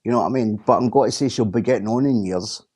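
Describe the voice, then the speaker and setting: A man's voice: medium pitch, fast talker, darkish tone, breathy edge. A Scottish man in casual chat on a stream, blunt, sweary and repeating himself as he rants.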